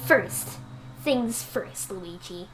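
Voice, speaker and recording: A woman voicing an excitable elderly male scientist with a raspy, Italian-accented, hammy put-on voice. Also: mid-range voice, extremely slow, music in the background, pitched below the performer's own voice. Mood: urgent.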